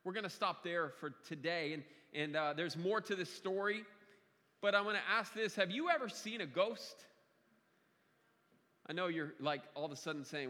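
A man's voice: on the high side, a little fast, sharp tone, long reverb tail. A man preaching a sermon to a congregation in a conversational way, repeating key phrases and often restarting his sentences. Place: church sanctuary.

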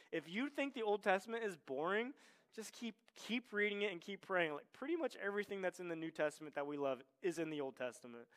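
Male pastor, casual conversational sermon delivery, fairly high-pitched, voices the quoted characters. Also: fairly bright tone. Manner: conversational, tags lines with "right?", acts out quoted voices.

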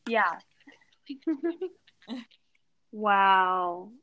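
A woman's voice: mid-range voice, lively intonation, very slow. A young woman hosting a casual faith discussion, enthusiastic, with frequent laughs and fillers. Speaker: host. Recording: dull lo-fi sound.

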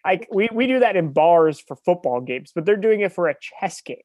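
A man's voice: high voice, lively intonation, moderate pace, darkish tone, no room sound. A man co-hosting a casual podcast chat, talking eagerly and gushing about what he loves. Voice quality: enthusiastic, gushing. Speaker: podcast co-host.

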